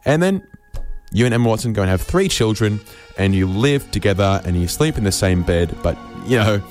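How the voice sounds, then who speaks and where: A man's voice: on the low side, animated, brisk, a little mellow, faint music behind. An Australian man hosting a comedy radio show, spinning a rambling, absurd monologue with stammered restarts.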